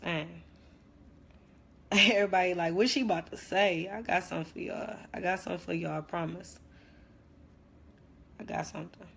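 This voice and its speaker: A woman's voice: fairly low pitch, fairly even intonation, moderate pace, vocal fry, pauses often, a bit bright, a little hiss or hum. A young woman playing a dramatic ex-best friend who rambles through a slangy, repetitive rant on a phone livestream. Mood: subdued, hurt. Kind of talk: comedic social media live rant.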